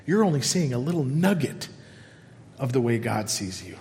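A man preaching a sermon, swinging from loud excitement down to hushed, whispered lines. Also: mid-range voice, normal speed, gravelly. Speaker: pastor. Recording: long hall reverb.

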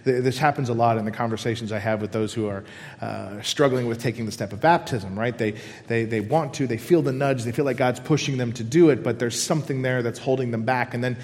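A man preaching a sermon, swinging from loud excitement down to hushed, whispered lines. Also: mid-range voice, a little fast. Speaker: pastor. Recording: long hall reverb.

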